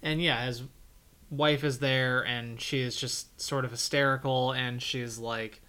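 A man co-hosting a casual podcast, retelling scenes in an animated, exasperated way. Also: medium pitch, measured pace, smooth. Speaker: podcast co-host. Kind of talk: casual chat.

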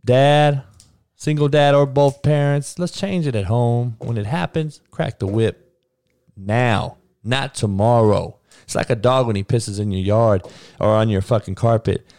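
A man, a coach, launches into a heated, preachy rant full of profanity, blunt and forceful in his points. His voice sits at an ordinary middle pitch. The recording is dry and close, with no room sound. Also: unhurried, dry recording. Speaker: coach and podcaster.

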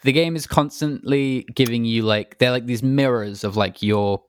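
A man's voice: medium pitch, moderate pace, smooth, no echo, studio quality. A man chatting casually about a video game, telling a rambling story and acting out quotes.

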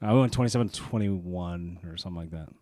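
A man co-hosting a casual sports podcast, joking and talking trash in quick banter. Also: deep voice, mellow, no room sound, studio quality. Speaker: podcast co-host. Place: studio room.

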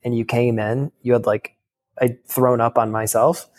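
A man's voice: mid-range voice, little pitch movement, moderate pace, darkish tone. A man casually telling a long personal story, filling his talk with "like" and swearing now and then. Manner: rambling, heavy use of "like".

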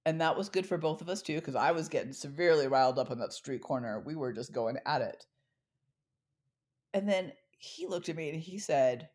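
Middle-aged woman, deep voice, storytelling talk, expressive, acts out dialogue. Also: normal speed. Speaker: speaker.

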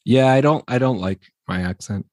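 A man's voice: mid-range voice, normal speed, darkish tone, dry recording, studio quality. A man from Wisconsin with a Midwestern accent, co-hosting a podcast in a joking, casual chat. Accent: Wisconsin (Midwestern American). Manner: joking, laughs often, jumps into voices. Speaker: podcast co-host.

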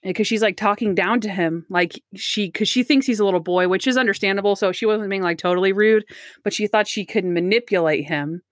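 A woman hosts a relaxed chat, walking through scenes in a chatty, retelling way. Her voice sits at an ordinary middle pitch. The sound is dry and close, with no room echo. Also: brisk. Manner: chatty recaps with frequent "he's like" retellings. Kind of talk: casual chat.

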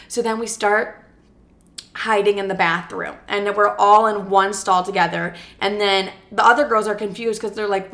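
A young woman telling a personal story in a casual, animated way. She swears freely and acts out what each person said. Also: mid-range voice, brisk.

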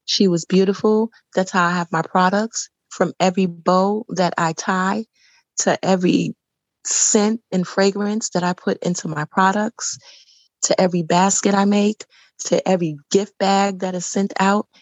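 A woman's voice: mid-range voice, fairly even intonation, a little slow, no echo. A woman guest on a faith podcast who tells stories effusively and often repeats herself. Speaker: podcast guest, boutique founder. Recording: dull lo-fi sound.

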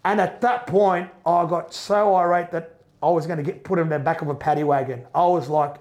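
A middle-aged man telling an emotional first-person story, animated, repeating and restarting as he goes. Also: fairly high pitch, fairly quick. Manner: animated, repeats and restarts, acts out quoted voices. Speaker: business owner telling his story.

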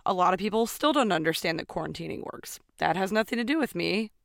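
A woman's voice: mid-range voice, lively intonation, fast, vocal fry, no room sound. A woman co-hosting a casual history podcast, explaining with playful, sarcastic asides and laughter. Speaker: podcast co-host.

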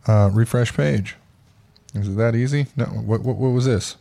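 A man's voice: mid-range voice, normal speed, gravelly, dark tone. A man hosting a casual home podcast, reading news aloud and giving blunt, opinionated remarks with casual swearing. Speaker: podcast host.

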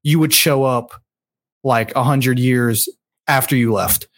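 A man's voice: mid-range voice, slow pace. A man in casual chat, loosely recapping a show's plot. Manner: laid-back, loose retelling with acted quotes. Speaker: podcast co-host.

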